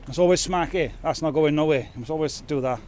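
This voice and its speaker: A truck driver vlogger chats while loading his truck outdoors at a loading yard in the rain, rambling and making jokes at his own expense. His voice is a little high and darkish in tone, his pace quick, with slight background noise.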